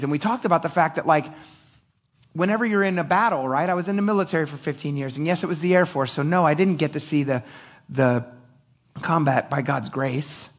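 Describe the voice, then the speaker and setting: A middle-aged man preaching a casual sermon in a bright, fairly high voice. He talks like he's chatting with the congregation, lively and animated, acting out little scenes and laughing as he goes. The delivery is relaxed and conversational rather than formal. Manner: conversational, animated, acts out quotes, laughs often. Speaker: pastor.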